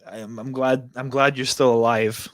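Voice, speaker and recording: A man's voice: mid-range voice, fairly even intonation, a little slow, dry recording. A man co-hosting a casual podcast, reacting briefly and laughing easily. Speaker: podcast co-host. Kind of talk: casual chat.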